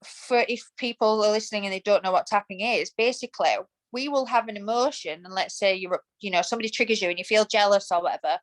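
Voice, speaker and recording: A woman's voice: mid-range voice, fast, hardly any pauses, rough recording. A woman in her thirties, a podcast guest, talking in a passionate, emphatic way in a casual interview. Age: 30s. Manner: emphatic and passionate, acts out quoted thoughts.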